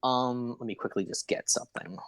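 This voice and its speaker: A man narrating a tabletop game as game master, unhurried and full of ums and uhs. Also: medium pitch, slight background noise.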